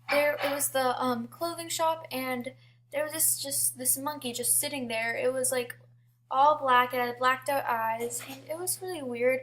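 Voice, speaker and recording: A teenage girl with a high, slightly bright voice tells casual stories about an online game. She is chatty, using lots of fillers and restarting her sentences often.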